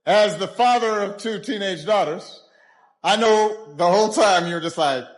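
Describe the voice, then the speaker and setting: A man's voice: high voice, moderate pace, poor audio. A middle-aged man giving a playful, teasing speech to an audience. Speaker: speaker at public events.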